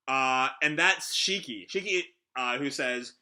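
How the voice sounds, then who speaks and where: A man's voice: on the high side, animated, measured pace, hardly any pauses, pushed and bright. Chatty young man reading manga aloud. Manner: chatty, many fillers, reads dialogue with small voice shifts. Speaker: manga reaction channel host. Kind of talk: casual live reaction, reading panels aloud.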